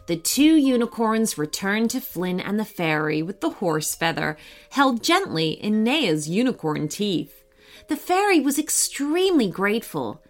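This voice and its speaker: Woman reading a kids bedtime story, slow and super expressive, music in the back. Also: mid-range voice. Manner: expressive, acts out characters. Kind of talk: children's story narration.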